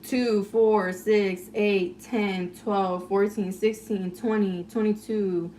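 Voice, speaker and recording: A woman's voice: mid-range voice, fairly even intonation, slow pace, dark tone, recorded from a distance, a little hiss or hum. A woman chatting casually on a phone livestream, rambling through a story full of "like" and swearing while baking in her kitchen. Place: home kitchen, baking cookies.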